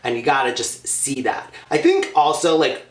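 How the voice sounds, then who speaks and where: A man's voice: mid-range voice, moderate pace, reverberant. Chatty man vlogging with his mouth full. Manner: chatty, laughing, talking while eating candy. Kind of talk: casual mukbang chat.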